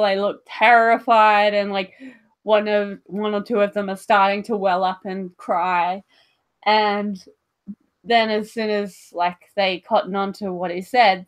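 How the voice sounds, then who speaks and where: A woman narrating her character in a tabletop role-playing game, rambling casually with many fillers. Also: mid-range voice. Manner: unhurried, rambling, lots of fillers like "like" and "um".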